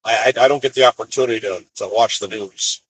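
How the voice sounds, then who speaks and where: A man's voice: on the low side, fast, a bit bright, slightly rough, no echo, poor audio. A man, a van driver, telling road stories in a rambling, wry way during a live stream from his van. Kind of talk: casual storytelling live stream. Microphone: phone.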